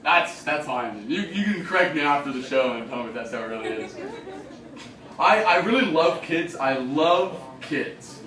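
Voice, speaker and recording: A young man performing a stand-up comedy set with an excitable, swearing delivery, acting out kids and other voices. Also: fairly high pitch, a little fast, far from the mic. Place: small bar stage with live audience. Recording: roomy bar recording from afar, crowd laughter.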